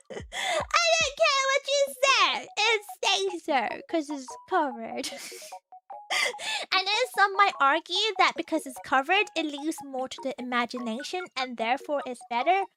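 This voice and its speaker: A woman's voice: very high voice, very animated, measured pace, sharp tone, soft background music. A young woman streaming as a VTuber, chatting casually with her viewers, giggly and playfully teasing her chat.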